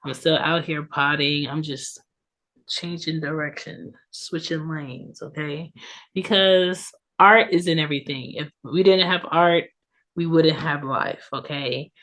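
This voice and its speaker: Speaking a little slowly in a low, slightly bright voice with fairly even intonation, a woman in her thirties chats through her solo podcast. She uses lots of ums and tag questions, and allergies have her sounding congested.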